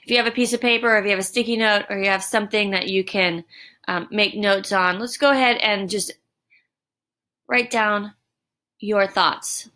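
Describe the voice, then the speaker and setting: A woman teacher giving a recorded lesson, explaining deliberately with emphatic examples. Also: mid-range voice, steady tone, bright, forceful tone. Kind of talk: recorded distance-learning lesson. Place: home.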